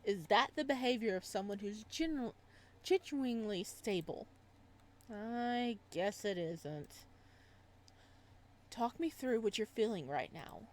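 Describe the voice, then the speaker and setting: Calm creepy doctor guy read out by a woman gamer, soothing and quietly off, kinda high voice. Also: normal speed, close to an everyday voice. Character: soft-spoken possessive male psychiatrist. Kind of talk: reading a visual novel's lines aloud.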